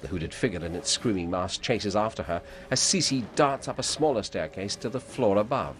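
A man reading calm, measured audio description over a film. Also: on the low side. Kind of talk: scripted narration.

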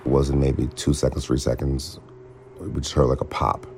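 In a documentary interview, an eyewitness tells the interviewer about a shooting he saw, halting, filler-heavy and acting out what was said. His voice rumbles low with a level, slightly mellow tone, and there's a little hiss or hum.

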